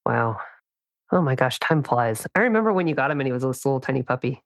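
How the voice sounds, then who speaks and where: A woman's voice: a bass voice, animated, fast, dry recording. A woman co-hosting a casual podcast, reacting with enthusiasm and asking questions. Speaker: podcast co-host.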